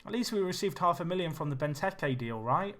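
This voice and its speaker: A man's voice: on the high side, fairly quick. Chatty man streaming a game. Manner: chatty, excitable, talks to chat. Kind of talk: live game commentary and chat. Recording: faint music behind.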